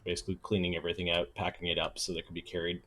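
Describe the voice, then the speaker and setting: A man playing a tabletop game, decisive and planning out loud. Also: low-pitched, monotone, very fast, slight background noise. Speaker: player. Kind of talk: casual tabletop game chat.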